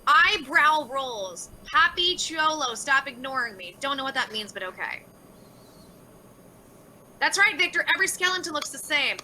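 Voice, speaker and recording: A woman's voice: high-pitched, animated, moderate pace, pushed and bright, slight background noise, low-quality recording. A woman livestreaming and reading out chat messages, talking bluntly with lots of swearing and exasperation.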